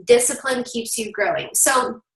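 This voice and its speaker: A woman in her thirties leading her team on a video call, telling a story with lively energy and talking straight to her listeners. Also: a little high, a little slow, echoey room, low-quality recording. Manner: animated storytelling, addresses listeners directly. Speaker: team leader.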